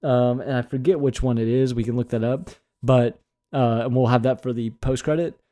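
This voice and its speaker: A young man with a mellow, warm voice co-hosts a podcast in loose conversation. He delivers jokes deadpan and mock-serious, holding his ground. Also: mid-range voice, normal speed. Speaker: podcast co-host. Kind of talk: casual chat between friends.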